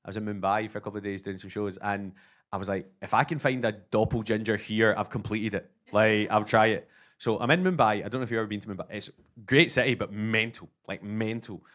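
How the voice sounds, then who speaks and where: A Scottish man in his thirties tells a stand-up story, voice sitting on the low side. He is animated and self-mocking, slipping in and out of the people he describes. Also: fast. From Scotland. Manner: animated, self-mocking, acts out both sides of dialogue. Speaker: stand-up comedian.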